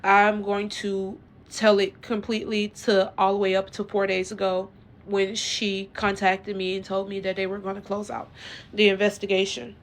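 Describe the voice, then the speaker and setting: A woman telling her own story to her viewers in a casual, earnest way, rambling and halting with lots of fillers and restarts. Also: mid-range voice, monotone. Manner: earnest and emotional.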